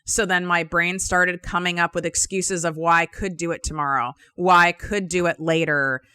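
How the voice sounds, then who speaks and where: Woman podcast host, thirties, candid personal storytelling, bright clear voice, dry close sound. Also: on the low side, steady tone, normal speed, no echo. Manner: confiding, emphatic, swearing casually.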